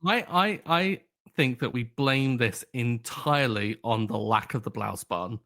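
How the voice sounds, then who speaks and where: A man's voice: medium pitch, unhurried, a bit bright. A man co-hosting a casual podcast chat, playful and teasing, often restarting his sentences. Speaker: podcast co-host.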